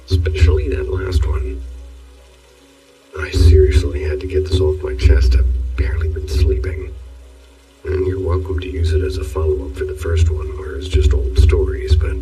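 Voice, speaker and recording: A man narrating horror stories in a hushed, low-key delivery, recorded on a distant mic with faint music underneath. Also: roomy sound. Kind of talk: scripted horror story narration.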